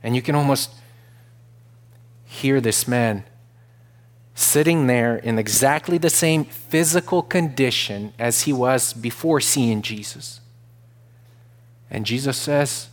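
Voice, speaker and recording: A man delivers a sermon to his congregation in a steady, mid-pitched voice. He speaks earnestly, often restarting a phrase, and climbs into loud, emphatic declarations when he drives a point home. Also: measured pace, long pauses. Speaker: pastor.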